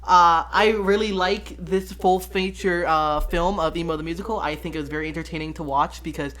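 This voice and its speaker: A man's voice: a little high, steady tone, brisk, fairly bright tone. A man casually reviewing a musical film with a friend late at night. He rambles, often giggling, swears freely, and retells scenes in quoted voices. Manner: full of fillers and profanity. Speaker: movie reviewer.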